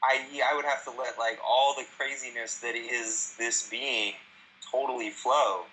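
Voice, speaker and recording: A man's voice: mid-range voice, steady tone, measured pace, bright, forceful tone, slight background noise, poor audio. A man from Colorado with a General American accent, calling in to a spiritual talk, hesitant and self-deprecating with nervous laughter. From Denver, Colorado. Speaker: caller. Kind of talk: casual conversation.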